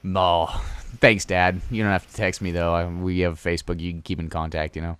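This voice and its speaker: A man's voice: deep voice, flat delivery, a little fast, a bit bright, clear, resonant tone, no room sound. A young man giving casual, rambling gameplay commentary, joking and crude as he plays. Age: young adult.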